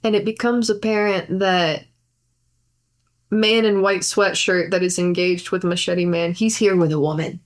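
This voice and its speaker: A woman's voice: lowish voice, fairly even intonation, unhurried. A woman comedian telling a rambling anecdote on a podcast, laughing often and swearing freely. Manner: acts out gestures while talking. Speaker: comedian guest. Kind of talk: casual podcast storytelling.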